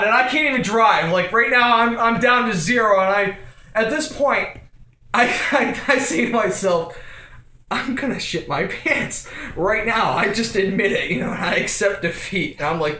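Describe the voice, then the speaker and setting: A young man telling a comic story from his own life, building to shouts and laughter as he acts it out. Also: sits high, roomy sound, a little hiss or hum. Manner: animated, escalating, acts out quotes with shouts and laughter.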